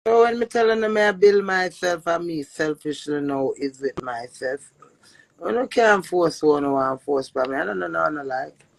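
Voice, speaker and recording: A woman's voice: low-pitched, normal speed, gravelly, no echo. A middle-aged Jamaican woman chatting casually on a live stream, telling stories and laughing often. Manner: animated storytelling with frequent laughs.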